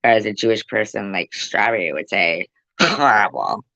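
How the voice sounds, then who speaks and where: A woman's voice: very deep voice, brisk, fairly bright tone, no room sound. A woman hosting a casual livestream, teasing and joking with her viewers. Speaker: livestream host. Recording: dull lo-fi sound.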